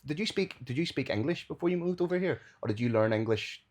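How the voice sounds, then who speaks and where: A man's voice: fairly high pitch, lively intonation, quick pace, a little mellow. A man with a Belfast accent, a combat sports commentator being interviewed, talking casually and enthusiastically and laughing easily. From Northern Ireland.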